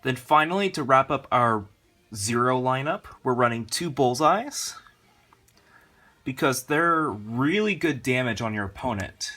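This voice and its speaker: A man hosts a casual deck walkthrough for his card game channel. He talks in a hurried, rambling way and keeps filling gaps with "uh" and "like". His voice sits at an ordinary, middling pitch. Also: animated, sharp tone. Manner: rushed, rambling, lots of fillers.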